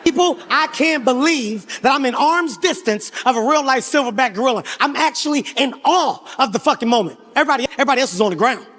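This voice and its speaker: A man in his forties telling a profane stand-up story on a live stage, animated and often shouting. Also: very high-pitched, fast talker, hardly any pauses. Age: 40s. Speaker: stand-up comedian. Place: live comedy stage before a crowd.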